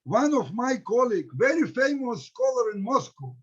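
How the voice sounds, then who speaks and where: A middle-aged Ukrainian man, a historian, speaking halting, non-native English in an emotional discussion with students, with many restarts. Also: very high voice, very animated, breathy edge. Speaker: historian, center director. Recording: dull lo-fi recording.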